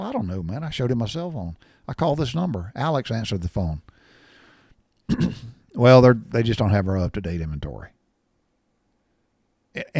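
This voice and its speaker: An older man, telling a rambling story in a folksy way, often clearing his throat and repeating words. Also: fairly low pitch, a little mellow, no room sound, clean studio sound. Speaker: vlogger.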